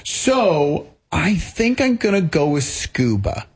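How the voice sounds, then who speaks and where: A man's voice: a little high, big pitch swings, slow, breathy edge. A middle-aged man co-hosting a radio show, chatting casually with a dry, self-deprecating humor. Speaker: radio co-host.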